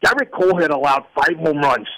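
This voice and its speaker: A man putting on a furious loudmouth New caller. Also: on the high side, animated, fairly quick, low-quality recording. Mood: scheming. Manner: ranting, crude, boastful. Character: furious loudmouth male New York Yankees fan caller. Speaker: radio host playing a caller. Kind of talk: comedic sports radio bit.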